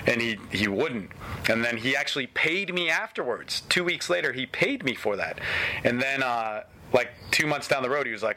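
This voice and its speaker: A man's voice: medium pitch, expressive, moderate pace, pushed and bright, slight background noise. A man hosting a casual podcast chat, telling stories in a blunt, heated, profane way. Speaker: podcast host, coach.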